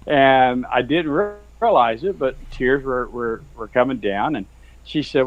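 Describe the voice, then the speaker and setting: A man's voice: medium pitch, expressive, moderate pace, no echo. A man speaks over a video call as a guest author, earnest and folksy. He rambles through his story, sprinkling in "you know" and "yes, sir". The audio is dry and a bit lo-fi, as over a weak internet link. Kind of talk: earnest testimony in casual chat.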